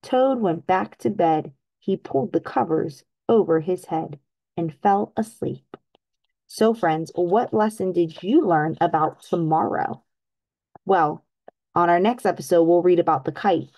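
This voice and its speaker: A woman's voice: lowish voice, a little slow, poor audio. Woman reading a kids book aloud, teacher vibe, keeps asking the kids questions. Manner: warm teacherly, asks children questions. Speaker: children's story reader, channel host.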